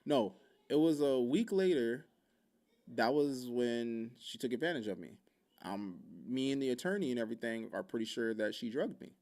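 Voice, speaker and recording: A man's voice: mid-range voice, animated, normal speed, darkish tone. A man hosting a podcast, telling a story in loose, profane casual talk full of fillers. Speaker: podcast host.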